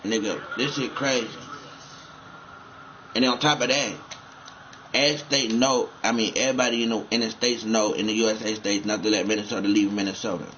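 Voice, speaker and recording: A man's voice: fairly low pitch, fairly even intonation, fairly quick, a bit bright. Male gamer, loose profane rambling commentary, dull lo-fi sound, faint room hum. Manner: rambling, profane, repeats himself.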